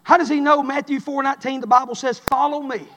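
A man's voice: extremely high pitch, level tone, fast talker, fairly bright tone, slight background noise. A man preacher, delivering an impassioned, repetitive sermon in a church. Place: church sanctuary. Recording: long hall reverb.

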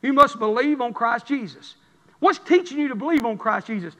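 A man's voice: very high-pitched, expressive, a little fast, a bit bright. A man preaching a revival sermon in church, with a rhythmic, building cadence. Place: church sanctuary. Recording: long hall reverb.

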